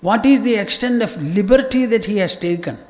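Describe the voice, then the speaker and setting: An elderly man, giving an earnest scripture lecture as a spiritual teacher, explaining verses deliberately to his listeners. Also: high-pitched, a little mellow. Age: older. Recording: long hall reverb.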